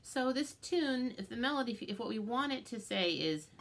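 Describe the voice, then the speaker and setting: In a higher voice with lively intonation, a woman teaches a banjo tune at a moderate pace over loud banjo music. She goes step by step, patiently explaining strings and frets and chanting the picking rhythms.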